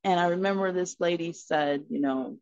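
A woman's voice: lowish voice, normal speed, smooth, no echo. Woman telling her story on a podcast, earnest, dry close sound, bit dull. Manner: earnest and expressive, acting out dialogue in her story. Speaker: podcast guest. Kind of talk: personal storytelling in an interview. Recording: slightly muffled, dry recording.

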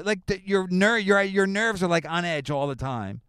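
High-voiced, profane rambling man. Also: moderate pace, clean tone, no echo, clean studio sound. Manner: profane, rambling, animated storytelling. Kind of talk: casual chat.

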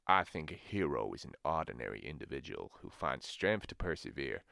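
A man doing a deep Southern American drawl. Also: sing-song, brisk, creaky, pushed and bright, dry recording, clean studio sound, full character voice. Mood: earnest. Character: earnest Southern American hero figure.

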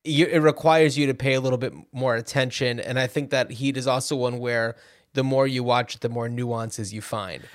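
A man's voice: mid-range voice, fairly even intonation, moderate pace, no echo, studio quality. A man co-hosting a casual movie-chat podcast in an easygoing way, often filling gaps with "you know.". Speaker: podcast co-host.

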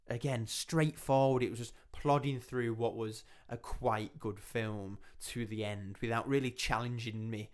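A man's voice: mid-range voice, measured pace, hardly any pauses. Chatty young man hosting a film podcast. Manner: chatty, animated, quotes scenes in lively voices. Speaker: podcast host. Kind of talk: casual film review chat.

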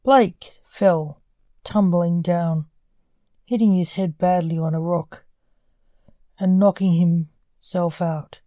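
Female storyteller, deliberate and slow, dark tone. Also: lowish voice, fairly even intonation, dry recording. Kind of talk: scripted narration.

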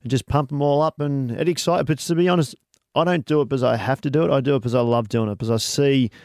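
A man's voice: medium pitch, fast talker, dry recording, clean studio sound. An Australian man, a guest hairdresser, telling stories in a casual interview and often saying "you know". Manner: lively storyteller, leans on "you know".

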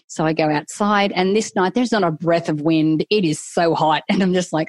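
A woman's voice: on the low side, fairly quick, hardly any pauses, dry recording. A middle-aged woman, a guest telling a candid personal story in a casual interview and acting out her own inner voice.

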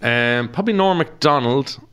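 A man's voice: medium pitch, lively intonation, normal speed, fairly bright tone, clean tone. A man with an Irish accent, a comedian guest chatting casually on a podcast and telling stories with laughs and swearing. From Ireland.

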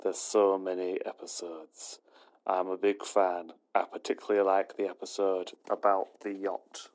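A man's voice: sits low, flat delivery, a little slow, poor audio. A man doing a gushing lady TV presenter. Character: impression of a famous older woman TV presenter.

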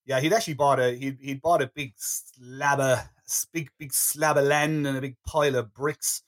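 A man's voice: mid-range voice, fairly even intonation, moderate pace, a bit bright. A man hosting a casual film review chat, good-humoured and rambling. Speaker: podcast host.

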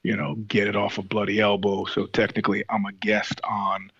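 A man's voice: lowish voice, completely flat delivery, moderate pace, vocal fry, a bit bright, husky, no room sound, lo-fi sound. A man in casual conversation, telling stories in a rambling, profane way with many restarts. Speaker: podcast guest, singer and show host. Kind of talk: casual chat.

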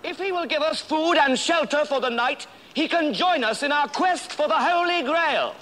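A man's voice: extremely high pitch, lively intonation, normal speed, sharp tone, exaggerated voice. A stately legendary king. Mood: earnest. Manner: formal, commanding. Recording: old film audio with faint hiss.

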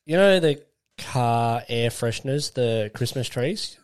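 A man's voice: mid-range voice, lively intonation, slow pace, clean tone. Crude, rambling man in his late twenties. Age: late 20s. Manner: crude, rambling, laughs while telling stories. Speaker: podcast co-host. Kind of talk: casual storytelling chat.

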